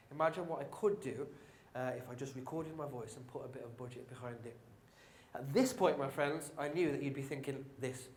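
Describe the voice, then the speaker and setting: Brummie man in his thirties, upbeat conference speaker, mid pitch, roomy hall with faint ambience. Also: fast talker, a little mellow, slight background noise. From England. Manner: upbeat, joking, addresses audience directly. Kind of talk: live marketing talk.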